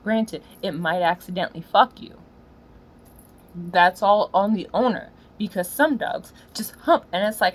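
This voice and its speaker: A woman ranting in a profane, slangy monologue, swinging from low muttering to loud yelling. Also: unhurried, husky, poor audio. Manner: swears constantly, slangy. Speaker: solo podcaster.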